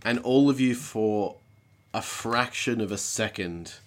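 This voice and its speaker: A game master narrating a tabletop game in a slow, measured way with dramatic pauses. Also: mid-range voice.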